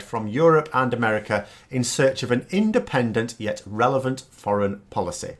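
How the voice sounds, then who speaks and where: A British man hosting a political commentary channel, delivering a scornful, sarcastic monologue with emphatic points. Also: mid-range voice.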